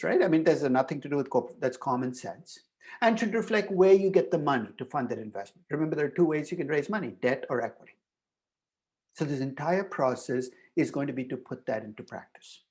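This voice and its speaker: At a medium pitch, an older male professor lectures at a university with animation and emphasis, frequently restarting sentences as he thinks out loud.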